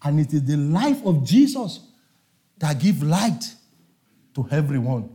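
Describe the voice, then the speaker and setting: A man's voice: fairly high pitch, very animated, unhurried, dark tone. A man preaching a sermon to a congregation, emphatic and repetitive, calling on his listeners to answer.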